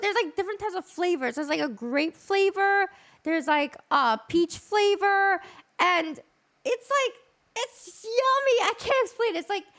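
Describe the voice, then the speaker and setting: A woman hosting a casual interview stream, excitable and often stumbling over her words. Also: very high voice. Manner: excitable, stammering restarts. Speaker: streamer host.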